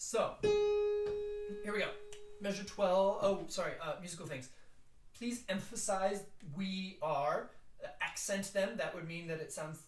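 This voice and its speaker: A man with a tenor voice leading a choral rehearsal, explaining the notes quickly and then singing phrases slowly in falsetto. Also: roomy sound, recorded from a distance, soft background music, low-quality recording. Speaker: choir director. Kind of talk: choral rehearsal teaching with sung demonstrations.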